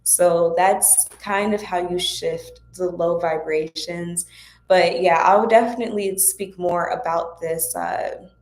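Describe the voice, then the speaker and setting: Low-voiced woman giving chatty spiritual advice. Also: steady tone, slow. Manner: chatty and encouraging, speaks directly to viewers. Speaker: host of a spiritual Q&A livestream. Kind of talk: casual spiritual guidance talk. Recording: echoey room.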